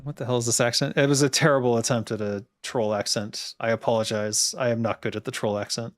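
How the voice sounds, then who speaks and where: A man's voice: mid-range voice, fairly even intonation, quick pace. A man chatting casually as he plays through a game, laughing often and poking fun at himself. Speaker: game designer streamer. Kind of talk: casual gameplay commentary.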